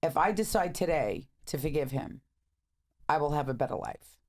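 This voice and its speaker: A woman's voice: low-pitched, lively intonation, normal speed. A middle-aged woman hosting a podcast, talking bluntly and emphatically in a candid interview. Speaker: podcast host.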